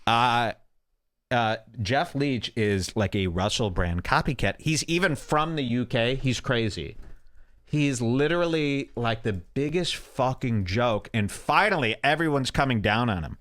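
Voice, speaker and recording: A man's voice: mid-range voice, lively intonation, a little slow, fairly bright tone. A man hosting a podcast, rambling through casual commentary with crude, sarcastic jokes. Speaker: show host.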